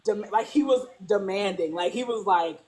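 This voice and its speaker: A woman talking casually as a guest, animated, acting out characters' lines and saying "like" constantly. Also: moderate pace. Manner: animated, acts out characters' lines with big pitch jumps; peppers speech with "like". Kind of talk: casual fan discussion.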